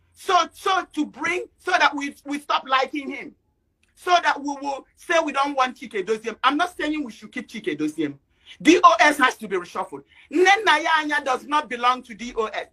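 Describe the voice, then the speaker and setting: A woman giving an emotional speech in an online discussion, often rising to shouting. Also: high-pitched, expressive, moderate pace. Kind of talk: impassioned speech.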